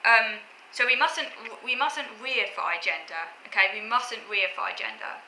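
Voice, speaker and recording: A woman's voice: on the high side, lively intonation, measured pace, sharp tone, slight background noise. A woman vlogger earnestly explaining her views, talking in short, restarted phrases. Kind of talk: explaining opinions to camera. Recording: echoey room with faint ambience.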